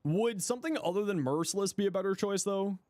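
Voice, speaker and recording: Male streamer, casual advice-giving chat, a touch high-pitched, dry close sound. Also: fast, dry recording. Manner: relaxed, thinks aloud with frequent "uh" fillers; friendly advice, addresses viewers by name. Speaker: streamer reviewing viewers' game builds. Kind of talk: casual livestream commentary.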